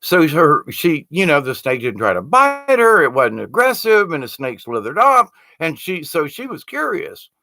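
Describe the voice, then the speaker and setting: A man's voice: fairly high pitch, huge pitch swings, normal speed, hardly any pauses, sharp tone. A man telling a spiritual story in a loose, conversational way, often restarting his sentences. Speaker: spiritual teacher. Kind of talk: spoken storytelling talk.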